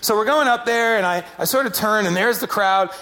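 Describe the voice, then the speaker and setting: A man preaching a sermon, telling stories with animated, self-deprecating humor. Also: sits high, fairly quick. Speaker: pastor.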